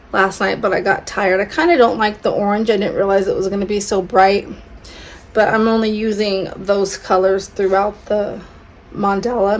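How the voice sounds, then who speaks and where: A woman's voice: medium pitch, poor audio. Thirty-something woman just chatting to camera, rambly, lots of likes and ums, faint hum behind. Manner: rambling, chatty, many fillers and self-corrections. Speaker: homemaker vlogger. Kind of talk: casual chat to camera.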